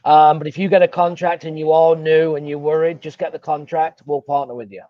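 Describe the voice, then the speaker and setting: A man's voice: fairly high pitch, level tone, brisk, no echo, dull audio. A man with an English accent, co-hosting a real estate livestream in a casual, agreeable way. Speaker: co-host coach. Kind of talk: livestream chat.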